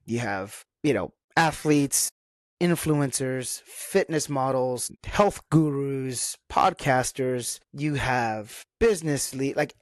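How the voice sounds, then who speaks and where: A man's voice: medium pitch, dry recording, studio quality. A young man hosting a casual solo podcast, talking frankly and reflectively with lots of fillers and restarts. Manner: rambling, frank, self-reflective with many fillers. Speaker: podcast host.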